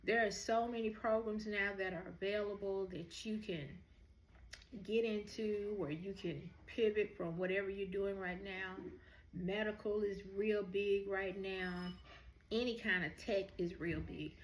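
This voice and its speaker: A woman's voice: medium pitch, steady tone, unhurried. A woman hosts a heartfelt motivational talk to her viewers, speaking earnestly and encouragingly. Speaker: host.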